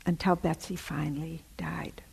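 A woman's voice: low-pitched, fairly even intonation, moderate pace, creaky, darkish tone, husky, in a large hall. A woman telling a story in a sermon, dramatic, often dropping to a near whisper. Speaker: preacher.

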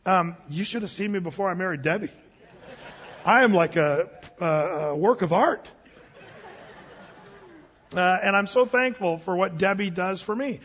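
Husky high-voiced man preaching in a hall. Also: measured pace, pauses often, fairly bright tone, a faint crowd. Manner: conversational, joking, repeats words. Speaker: pastor. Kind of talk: sermon. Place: church sanctuary. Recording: dull hall reverb.

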